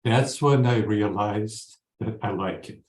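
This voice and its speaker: An older man from Ukraine recounts his career as an interview guest, speaking in a somewhat low voice. He is earnest and halting, pausing often. The recording carries a roomy echo. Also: darkish tone. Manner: earnest, halting, many pauses. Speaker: guest, photographer. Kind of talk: interview storytelling. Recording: echoey room.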